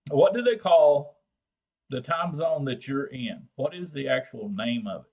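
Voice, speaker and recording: An older man with a broad Texan drawl, chatting easily with viewers. His talk is folksy and salty, with a medium pitch and an unhurried, plain manner. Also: expressive, gravelly, a little mellow. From Texas. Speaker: livestream host. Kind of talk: casual chat with viewers.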